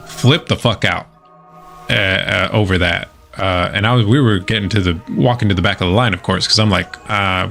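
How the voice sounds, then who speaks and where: A middle-aged man with a low, gravelly voice chats loosely while streaming a game. He rambles through stories, cursing freely and stumbling over restarts. Faint game music plays behind him. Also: pushed and bright. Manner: rambling storyteller, swears freely, halting restarts. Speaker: gaming streamer. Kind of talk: casual livestream chat over gameplay.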